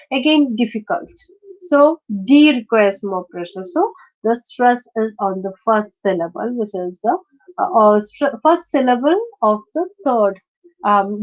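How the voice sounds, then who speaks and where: A woman lecturing on word stress, hesitating often and slowly sounding out example words. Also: on the high side, a little mellow, dull audio. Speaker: teacher.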